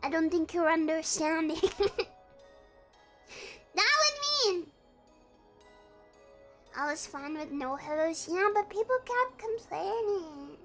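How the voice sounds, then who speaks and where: Bubbly girl streamer with a really high voice, chatting w viewers, bit of music behind. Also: moderate pace, hardly any pauses. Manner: bubbly, greets chatters one by one. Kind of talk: casual live-stream chat.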